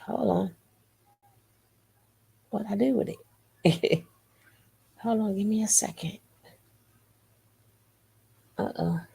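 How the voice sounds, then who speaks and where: Slow, gravelly-voiced woman livestream host. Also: mid-range voice, mellow. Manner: playful, teasing, greets viewers by name. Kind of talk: casual livestream chat.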